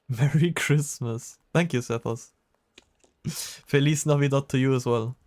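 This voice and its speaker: A man's voice: mid-range voice, unhurried, darkish tone. A young man casually commenting on a detective game while streaming, chatty and rambling, often laughing, with a slightly sick voice.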